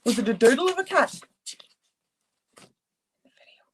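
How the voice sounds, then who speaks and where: A woman's voice: a little high, sing-song, moderate pace, slight background noise. A woman hosting a live art therapy stream, chatting casually, laughing often and answering viewer comments as she goes. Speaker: art therapy session host.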